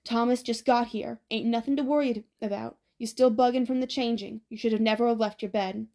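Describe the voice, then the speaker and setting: A woman voicing a calm, steady teenage boy who speaks low and even with drawling slang. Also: a little fast, lightly acted.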